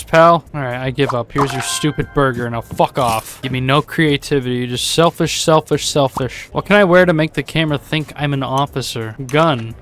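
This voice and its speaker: A man with a slightly raised voice talks through his gameplay in a casual, sarcastic way. He swears a lot and jumps into loud outbursts. Faint game music plays behind him. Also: fairly high pitch. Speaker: let's play gamer.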